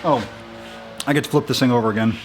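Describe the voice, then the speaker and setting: A man talking casually in a how-to video, halting and upbeat, with many restarts and fillers as he works. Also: medium pitch, fairly even intonation, faint music behind. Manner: chatty and upbeat. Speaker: vlogger installing a roof rack.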